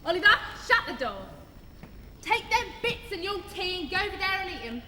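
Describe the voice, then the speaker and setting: An actress playing a fussy, theatrical middle-aged undertaker's wife on a theatre stage, in amateur stage musical style. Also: female voice, very high voice, big pitch swings, brisk, pushed and bright, slight background noise, exaggerated voice. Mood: fussing. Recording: echoey hall from far off, music.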